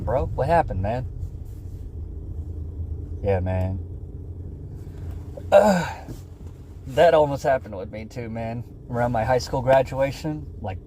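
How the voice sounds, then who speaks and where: A young man chatting casually with his stream viewers, rambling and saying "man" and "bro" a lot. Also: medium pitch. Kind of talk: casual chat. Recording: lo-fi stream audio with loud background noise.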